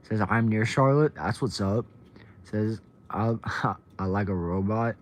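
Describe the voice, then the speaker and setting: A man's voice: lowish voice, unhurried, a little hiss or hum. A young man from Texas, casually chatting on a livestream, reading viewer comments aloud and greeting people by name. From Texas, USA. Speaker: livestream host.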